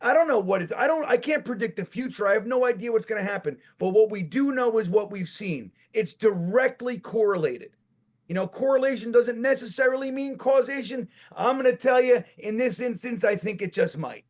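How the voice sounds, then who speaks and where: High-voiced profane ranting sports podcaster. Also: male voice, brisk. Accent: New York. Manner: animated, profane, ranting, building to shouts. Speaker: podcast co-host. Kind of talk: casual sports talk.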